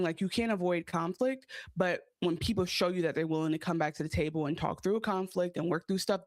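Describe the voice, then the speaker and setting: A woman co-hosting a podcast, laying out her theories at length in calm therapy language. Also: lowish voice, dry recording. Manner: reflective, explains ideas at length in therapy language. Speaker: podcast co-host. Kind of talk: casual recap chat.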